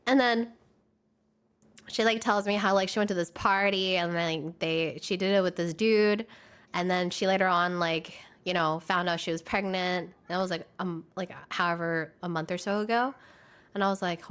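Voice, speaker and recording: A young adult woman streamer telling work stories in casual chat, slangy and animated, often laughing and acting out the voices of people she quotes. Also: mid-range voice, moderate pace.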